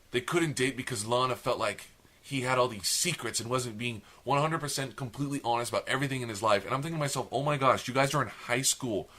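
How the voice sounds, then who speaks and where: A man's voice: mid-range voice, bright, forceful tone. A young man co-hosting a casual podcast chat, talkative and a bit long-winded, self-deprecating. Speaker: podcast co-host.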